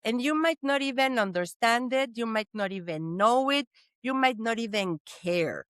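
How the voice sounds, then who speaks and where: A woman, co-hosting a talk show, explaining ideas in a slow, emphatic, motivational way. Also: a little high, lively intonation, fairly bright tone, dry recording. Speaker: podcast co-host.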